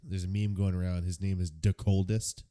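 A man's voice: low-pitched, level tone, fairly quick, warm tone, smooth. A man co-hosting a casual podcast chat, dropping dry sarcastic asides.

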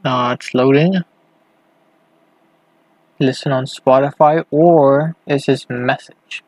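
A man hosting a casual late-night solo podcast, rambling and halting as he thinks aloud while clicking around on his computer. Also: medium pitch, fairly even intonation, darkish tone, no room sound, low-quality recording. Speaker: podcast host.

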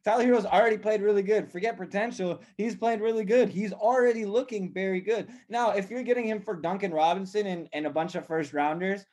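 Young male host, slightly high voice, chatty, asks questions and laughs a lot. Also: a little fast, hardly any pauses, darkish tone. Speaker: podcast host. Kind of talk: casual sports talk.

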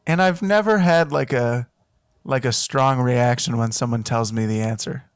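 A man, a comedy writer guesting on a podcast, talking in a jokey, riffing way with deadpan asides. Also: medium pitch, moderate pace, clean tone, no echo, studio quality. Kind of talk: casual comedic chat.

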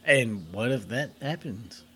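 A man's voice: mid-range voice, lively intonation, unhurried, bright, forceful tone, husky. A man co-hosting a casual podcast chat, giving emphatic opinions and commenting on a game on the side. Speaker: podcast co-host.

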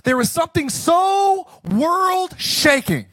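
A man preaching a jokey, energetic Easter sermon as pastor, often bursting into shouts. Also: takes it slowly. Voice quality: high, bright, animated preaching voice.

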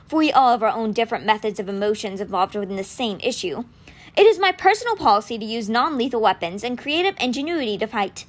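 A woman reading aloud as a calm, wise male leader giving an earnest speech to his citizens, in a storybook reading. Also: on the high side.

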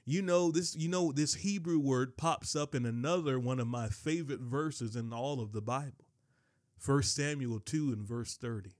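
A man's voice: mid-range voice, normal speed, a little mellow, dry recording, clean studio sound. A man preaching a sermon, emphatic, repeating key phrases and reading scripture aloud. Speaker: pastor.

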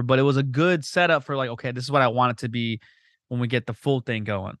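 A man hosting a podcast who talks fast and tells stories full of swearing, acting out other people's lines in exaggerated voices. His voice is close and dry, with almost no room sound. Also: mid-range voice, no echo. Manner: profane, animated, quick storytelling with voiced quotes. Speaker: podcast host. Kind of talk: casual chat.

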